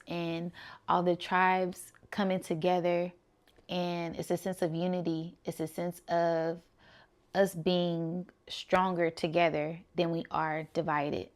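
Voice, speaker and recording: A woman's voice: fairly low pitch, fairly even intonation, unhurried. A woman recapping a movie plot in a casual vlog, retelling scenes eagerly and repeating words for emphasis. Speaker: movie reviewer.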